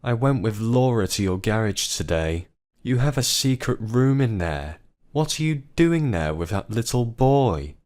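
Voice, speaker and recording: A man voicing a distraught grown woman who confronts her husband, pleading and then shouting, in a story narration. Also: animated, measured pace. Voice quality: low voice pushed higher for a woman.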